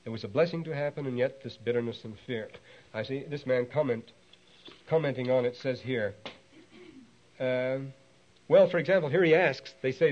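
A man's voice: medium pitch, moderate pace, long pauses. Man lecturing on a dull old tape. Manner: digressive, thinking aloud with fillers and restarts; lifts his voice to read quotations aloud. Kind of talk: university lecture on ancient texts. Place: lecture hall.

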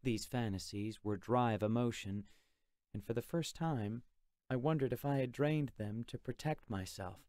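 A man reads a first-person audiobook in a calm, reflective, conversational way. His voice sits mid-range and is recorded dry and close, with no room around it. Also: medium pitch, moderate pace, dry recording. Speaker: audiobook narrator.

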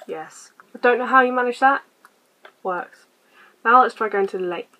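Soft-spoken woman reading a game aloud. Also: a little high, normal speed, highs cut off. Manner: quietly reads game text aloud, muttering her choices. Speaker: gaming channel host. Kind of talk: casual let's-play commentary.

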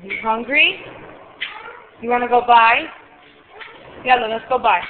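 A woman's voice: on the high side, slow, long pauses. A woman talking to a small child in coaxing, sing-song baby talk, filmed as a home video. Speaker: parent filming a toddler. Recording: tinny lo-fi home video with noise.

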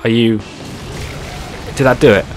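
A man doing excitable, jokey let's play commentary over a horror game, swearing often. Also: mid-range voice, measured pace, soft background music. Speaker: gaming commentator.

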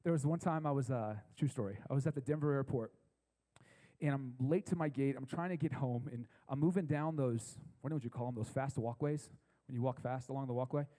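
A man preaching a sermon to a young adult congregation in a church, chatty and conversational, repeating key phrases slowly for emphasis. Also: medium pitch, mellow, big-room sound, low-quality recording. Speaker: pastor. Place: church service with a live audience.

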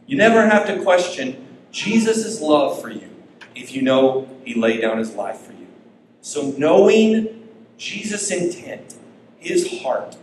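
A man preaching a sermon as pastor, emphatic, with his pitch rising and falling. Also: a little hiss or hum. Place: church sanctuary. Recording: echoey church hall.

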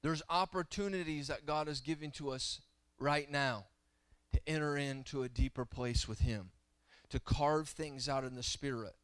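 A guest preacher in his thirties delivers a sermon in a church sanctuary, telling stories that build into fervent exhortation. His voice is a little high and fairly bright, smooth, at normal speed, with no room sound.

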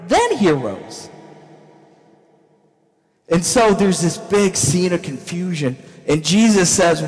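A male pastor preaching a sermon in a church, with animated storytelling that acts out scenes. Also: high-pitched, slow pace, long pauses, big-room sound, poor audio.

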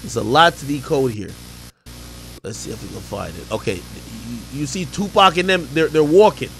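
A man's voice: mid-range voice, animated, normal speed, creaky, a bit bright, slight background noise. A man giving casual explanatory commentary, talking viewers through on-screen footage in an emphatic, slang-heavy, profane way.

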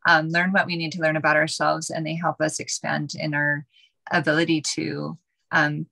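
A woman healer speaking earnestly and haltingly as a guest on a video call. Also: low-pitched, little pitch movement, vocal fry, sharp tone. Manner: earnest, halting, many ums. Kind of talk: casual group chat.

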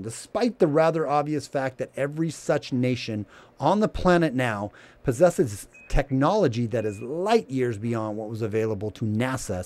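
A man's voice: medium pitch, darkish tone. A man reading a prepared commentary aloud in a sardonic, emphatic way. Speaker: channel host.

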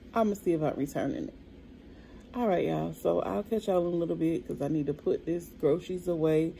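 A woman talks straight to her viewers in a chatty family vlog. Her voice is low, gravelly and warm. She records on a phone camera, with faint noise behind her. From South Carolina. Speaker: family vlogger. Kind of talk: casual vlog chat. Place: at home, then a restaurant.

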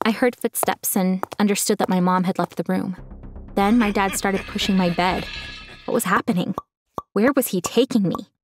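A woman's voice: mid-range voice, normal speed, faint music behind. A woman giving an earnest, emotional first-person story narration.

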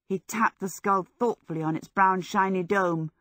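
Female audiobook narrator, measured storybook pace, dry close studio sound. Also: mid-range voice, fairly even intonation, fairly bright tone, no echo. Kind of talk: scripted narration.

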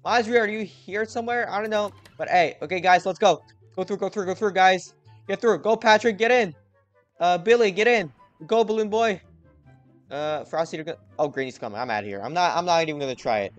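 A man's voice: sits high, brisk, dull audio, soft background music. A young man commentating his gameplay with lots of energy, talking straight to his viewers. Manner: energetic, talks to viewers, hypes himself up. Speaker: gaming video host.

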